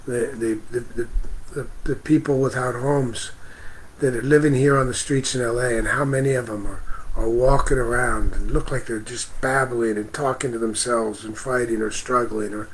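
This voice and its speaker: A man hosting a spiritual livestream outdoors, speaking gently and greeting viewers by name. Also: medium pitch, steady tone, slight background noise, poor audio. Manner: slow, gentle, reads out viewer comments. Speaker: livestream host. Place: outdoors near a parking lot.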